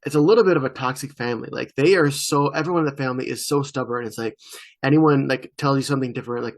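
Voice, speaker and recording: A man's voice: mid-range voice, fast. A man co-hosting a podcast in casual, conversational chat. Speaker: podcast co-host.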